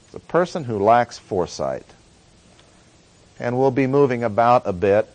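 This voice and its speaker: A man gives a Bible study lecture, earnest and explanatory, stopping often on "uh" as he works through the words. His voice sits at an ordinary middle pitch. The recording is close and dry, with no room echo. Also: lively intonation, a little mellow, dull audio. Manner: earnest teaching tone with frequent "uh" pauses. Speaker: Bible teacher.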